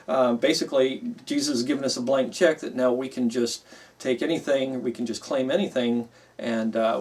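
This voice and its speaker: A man's voice: medium pitch, recorded from a distance. A middle-aged man teaching a Bible class in a conversational way, with frequent fillers and an emphatic voice when he quotes himself. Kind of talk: classroom teaching, explaining with a story.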